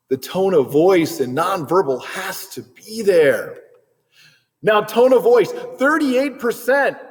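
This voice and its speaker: A man giving a Christian video lesson on body language in a lively, animated way, now and then acting out short quoted voices. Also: a little high, slightly rough, big-room sound. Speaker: Christian teacher.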